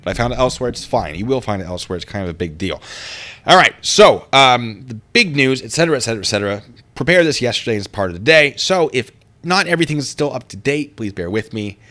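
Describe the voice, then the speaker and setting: A man's voice: mid-range voice, animated, fast, bright, forceful tone. A man hosting a casual livestream, rambling and easily distracted as he reads out and answers chat comments.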